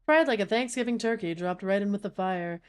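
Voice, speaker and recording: A woman's voice: medium pitch, a little fast, smooth. A woman chatting casually as she streams a game, rambling with lots of filler words.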